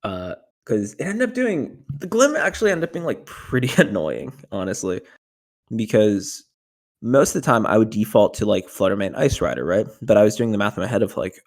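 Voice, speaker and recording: Low-voiced young man, rambling and animated. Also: normal speed. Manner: rambling, heavy use of "like", animated when retelling panic. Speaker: tournament winner guest. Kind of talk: casual interview about competitive play.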